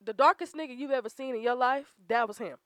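A woman's voice: high-pitched, fast talker, fairly bright tone, dry recording. A young woman tells blunt, profane stories in casual chat, laughing along the way. Her voice is recorded dry and close.

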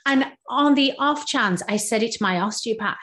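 A woman's voice: a little high, normal speed. Candid woman telling a personal story. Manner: candid, animated storytelling with hesitant restarts. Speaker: podcast guest. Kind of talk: casual storytelling.

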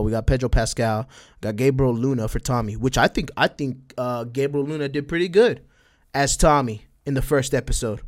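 A man from El Paso with a Texas border accent and a slight Spanish twang, talking casually on a solo podcast and rambling through fillers and restarts. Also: mid-range voice. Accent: West Texas border, Spanish-tinged. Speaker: podcast host.

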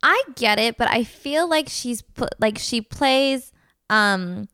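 A blunt, sarcastic woman co-hosting a casual podcast. Her voice is smooth and clear. It sounds dry and close, with no room echo. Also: fairly high pitch, animated, takes it slowly, sharp tone. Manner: blunt, sarcastic, snarky asides. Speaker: podcast co-host. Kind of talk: casual chat recapping a reality dating show.

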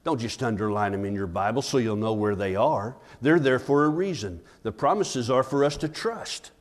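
A man preaching a sermon as pastor at a church service. He preaches earnestly, asks the congregation "Amen?", and drops to a hushed voice when telling stories. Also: medium pitch, animated, moderate pace.

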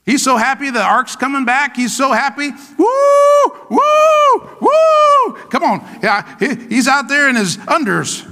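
A male pastor preaching an energetic sermon in a church, exclamatory and full of call-and-response urging. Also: extremely high pitch, moderate pace, hardly any pauses. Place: church sanctuary. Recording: long church hall reverb.

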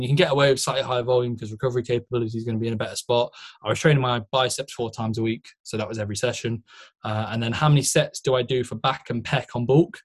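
A man, co-hosting a casual podcast and telling stories with frequent laughs. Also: mid-range voice. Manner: chatty storyteller, laughs often, says "mate". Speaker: podcast co-host, physique competitor.

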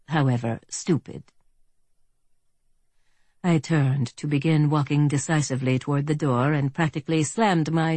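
A woman narrating a first-person fantasy audiobook in a measured, composed way. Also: sits low, a little mellow, breathy edge, dry recording.

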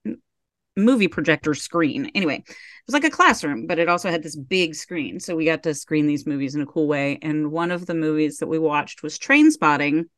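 A woman's voice: deep voice, a little fast, no room sound, studio quality. A woman co-hosting a podcast, telling a rambling personal story in casual chat. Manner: relaxed, rambling anecdotes with restarts. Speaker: podcast co-host.

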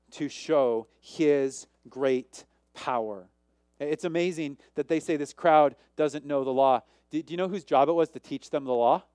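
A man preaches with emphasis, often speeding up or pulling back on his volume. His voice sits fairly high. The sound is dry and close. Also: darkish tone, no echo. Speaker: pastor. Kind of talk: sermon.

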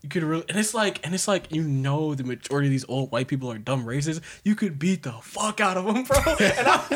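Lively, profane young man. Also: fairly high pitch. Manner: animated, profane, quick to laugh. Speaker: podcast co-host. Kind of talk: casual chat.

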